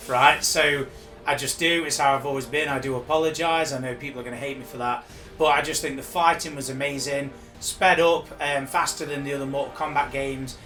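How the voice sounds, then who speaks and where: A man's voice: medium pitch, pushed and bright. A man appearing as a guest, chatting casually and enthusiastically about games. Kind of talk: casual chat.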